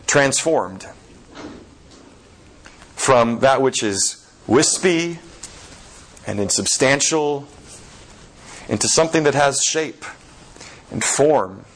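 A man giving a sermon, retelling a story with many fillers and slow, emphatic phrasing. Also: mid-range voice, a bit bright, low-quality recording.

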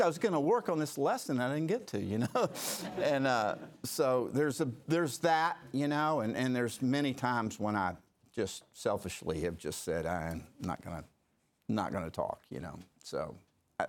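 A man's voice: medium pitch, animated, moderate pace. Chatty man leading a Bible study. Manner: conversational, with many fillers and restarts. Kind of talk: leading a group discussion.

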